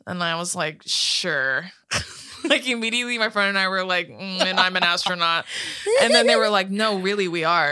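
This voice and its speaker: A woman in her twenties from California, co-hosting a podcast in casual chat, telling animated stories, swearing freely and laughing often. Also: medium pitch, clear, resonant tone. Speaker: podcast co-host.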